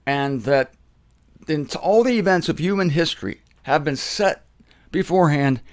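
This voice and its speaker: A man giving a casual spoken Bible teaching, animated, repeating phrases for emphasis. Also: fairly high pitch, moderate pace.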